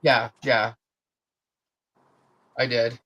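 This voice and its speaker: A woman's voice: very deep voice, level tone, very slow, fairly bright tone, breathy edge, dull audio. A woman co-hosting a live chat show, telling a long story in a rambling way, full of fillers and repeated phrases.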